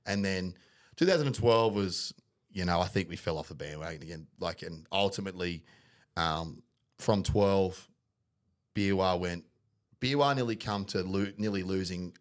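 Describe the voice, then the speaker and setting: A man's voice: low-pitched, moderate pace. A man in casual podcast chat, reflective, steering the conversation with his co-host.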